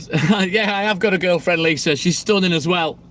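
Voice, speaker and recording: A jokey English man with a fairly high voice talks to his livestream viewers from outdoors. Passing traffic is clearly audible behind him. He keeps things light and laughs often. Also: a bit bright, rough recording. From England. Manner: cheery, jokey, laughs often, answers comments by name. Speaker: livestreaming milkman. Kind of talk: casual livestream chat with viewers. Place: outdoors on a night delivery round by a seafront.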